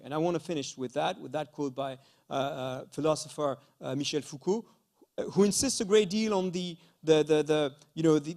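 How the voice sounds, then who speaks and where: Man with a high voice, french accent, lecturing with lots of uh and okay, middle-aged. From France. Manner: hesitant, many fillers and restarts, checking in with "okay?". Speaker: university lecturer. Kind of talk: conference lecture. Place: school conference hall.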